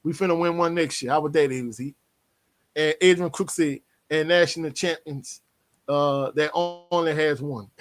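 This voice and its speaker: A man talks casually on a sports livestream, his voice sitting a little high for a man. He answers viewers' comments with brash, animated trash talk and laughs often along the way. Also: normal speed, faint music behind. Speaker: sports show host reading live chat.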